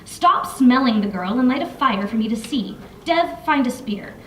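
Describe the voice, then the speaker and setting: A menacing lizard-creature leader barks orders and slowly threatens his captives, as a woman voices him. The voice is fairly high for him, heard from afar in an echoey room. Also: lively intonation, a bit bright, a little hiss or hum. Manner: commanding, threatening. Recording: echoey room, mic from far off.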